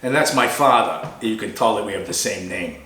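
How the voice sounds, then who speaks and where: Chatty Boston host in an echoey shop. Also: male voice, on the low side, fairly quick. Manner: animated, chatty storyteller. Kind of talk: casual interview. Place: barber shop.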